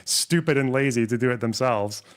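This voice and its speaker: A man's voice: mid-range voice, moderate pace. A man streaming and reacting to a clip, combative, profane and sarcastic. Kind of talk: live stream reaction commentary.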